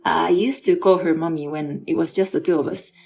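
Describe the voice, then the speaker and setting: A woman's voice: low-pitched, fairly even intonation, fairly quick, vocal fry, darkish tone, soft background music. A woman voicing a young wife in a dramatized story, incredulous and sarcastic toward her husband. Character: young wife with an injured arm, exasperated.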